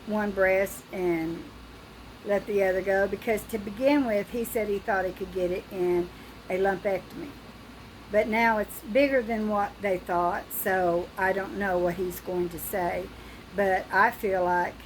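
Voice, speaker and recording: An older woman speaks slowly in a personal video diary, her voice frightened and halting. She pauses often and restarts her sentences. A faint background noise sits under her voice. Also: mid-range voice, rough recording. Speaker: vlogger.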